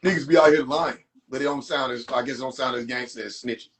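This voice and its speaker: A man ranting and mocking in a profane, animated rant to a live audience, streamed from a phone. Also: medium pitch, quick pace. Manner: animated, profane, rants and mocks. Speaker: livestream host. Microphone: phone livestream.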